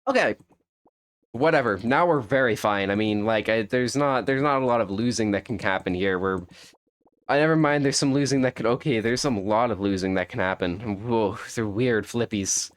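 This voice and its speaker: A young man with a fairly low voice talks through a fighting game live, thinking aloud and correcting himself as he goes. His commentary is casual and rambling, spoken close into a desk mic. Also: moderate pace.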